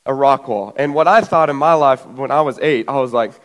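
A man in his twenties preaching a sermon, telling a lively personal story and acting out his family's voices, a little out of breath. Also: medium pitch, a little fast. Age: 20s.

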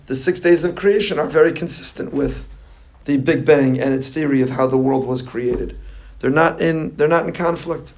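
A rabbi giving a lively sermon, mixing in joking asides and Hebrew and Yiddish terms. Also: male voice, a little high.

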